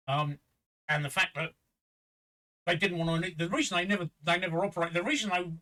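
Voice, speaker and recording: A man's voice: fairly high pitch, pushed and bright, low-quality recording. An older man in his sixties telling a story in a casual chat with blunt, sweary talk and short breath. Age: 60s. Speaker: stream host.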